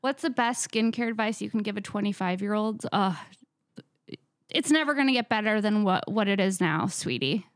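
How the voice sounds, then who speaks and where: A woman's voice: medium pitch, brisk, dry recording, clean studio sound. A young woman co-hosting a podcast, chatting casually in a blunt, joking, profane way. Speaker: podcast co-host. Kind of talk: casual chat.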